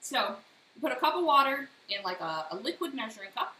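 A fairly high-pitched woman, speaking a little fast, guides viewers through a casual baking demo in her home kitchen. Lively personal anecdotes come between her step-by-step instructions, and the kitchen sounds echoey with faint noise.

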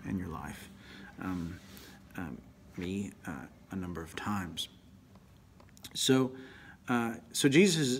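A man, a priest, giving an animated, emphatic Bible teaching that often drops to a near whisper. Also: low-pitched, slight background noise.

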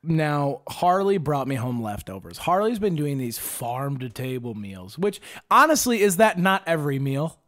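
A man rants his way through a casual podcast chat, swearing freely as he spins animated stories. His voice sits a bit high for a man. The sound is dry and close, with no room around it. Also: normal speed, no room sound. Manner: profane, ranting, animated storytelling. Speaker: podcast host.

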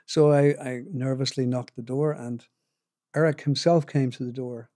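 A man's voice: medium pitch, fairly even intonation, normal speed, mellow, no echo, studio quality. An older man from Northern Ireland with a Northern Irish accent, telling modest, chuckling anecdotes with restarts as a guest in an interview. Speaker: guitar maker, podcast guest. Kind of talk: casual storytelling interview.

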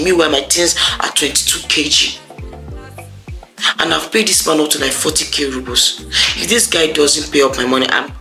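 A woman's voice: low voice, moderate pace, bright, forceful tone, faint music behind, rough recording. A young Nigerian woman vlogging, ranting in irritation and repeating herself as she talks. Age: young adult. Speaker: vlogger, medical graduate. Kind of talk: casual vlog rant. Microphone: camera mic.

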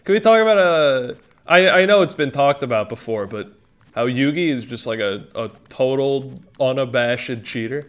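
A man's voice: mid-range voice, animated, moderate pace. A man giving rambling, joking commentary as he plays a video game stream. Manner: rambling, self-joking, exclamatory. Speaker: gaming streamer. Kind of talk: casual gameplay commentary.

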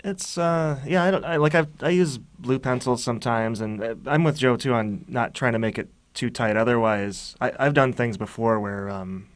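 A man from Michigan, a guest cartoonist, chatting in an easygoing way, halting and restarting his sentences. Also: medium pitch. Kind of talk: casual chat.

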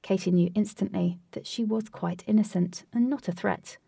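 A woman reading a storybook aloud as scripted narration, with a steady, even delivery. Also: mid-range voice, moderate pace, gravelly, few pauses, slightly rough, dry recording, far from the mic. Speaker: audiobook reader. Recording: dry, voice set back from mic.

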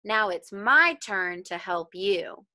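A woman's voice: medium pitch, animated, slow pace, pushed and bright, full character voice. A woman reading aloud as the wind in a folktale, speaking kindly to a chicken it rescues. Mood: reassuring. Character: kindly helpful wind spirit.

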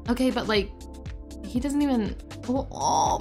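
A woman's voice: a little high, unhurried. A young woman giving casual let's-play commentary, chatting and exclaiming as she talks to her game characters. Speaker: gaming YouTuber. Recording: faint background music.

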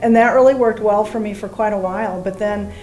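A woman's voice: medium pitch, steady tone, fairly quick, a little mellow. Woman, around 60, interview guest, earnest personal story, acts out quoted lines, many fillers and restarts, faint music behind. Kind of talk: personal testimony in conversation.

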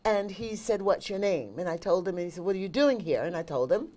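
A woman's voice: lowish voice, brisk. A woman, a singer and vocal coach, chatting as an interview guest and telling stories with emphatic repetition. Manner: animated storyteller, emphatic repetition.

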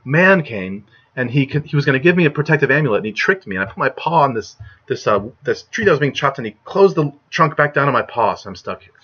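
Guy reading as a stuck grumbling storybook lion, slow n husky, muffled sound. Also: medium pitch, very animated. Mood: aggrieved. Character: trapped male lion, wounded and complaining. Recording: muffled lo-fi recording.

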